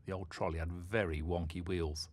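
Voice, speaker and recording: A man narrating a children's story in an expressive, animated way. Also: deep voice, moderate pace, husky.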